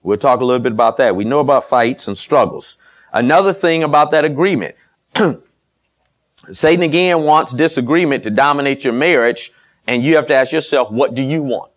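A middle-aged pastor delivers a sermon on marriage in a mid-range voice at a fairly quick clip. His style is blunt and folksy, full of teasing asides aimed at his listeners and quoted dialogue that acts out old conversations.

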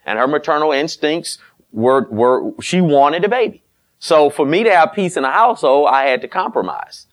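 A man's voice: a little high, expressive, moderate pace. A middle-aged man preaching on marriage, blunt and folksy, teasing his listeners and acting out old conversations. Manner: folksy and blunt, with teasing asides and quoted dialogue. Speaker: pastor. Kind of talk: sermon on marriage.

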